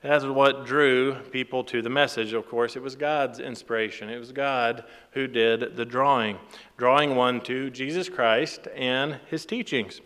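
A man giving a sermon in a relaxed, conversational way, with fillers and small laughs between points. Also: medium pitch, a little slow, clear, resonant tone, long reverb tail. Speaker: pastor.

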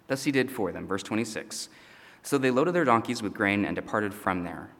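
In a sermon recorded with long hall reverb, a pastor preaches and reads scripture in a conversational style. He frequently checks in with asides such as "okay?" and "all right?", speaking in a fairly low, slightly bright voice.

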